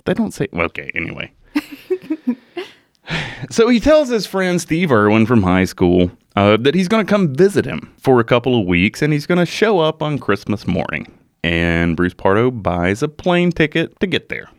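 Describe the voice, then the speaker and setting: Man, podcast co-host, casual true-crime storytelling, animated swings in pitch, dry close sound. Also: normal speed, dry recording. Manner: animated, swearing, laughs at himself.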